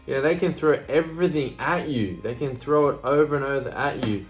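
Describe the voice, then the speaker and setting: A man's voice: medium pitch, animated, a little fast, few pauses, soft background music. A man giving a casual motivational talk to camera, blunt and plain-spoken, swearing freely and often checking in with "right?" and "you know". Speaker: motivational speaker.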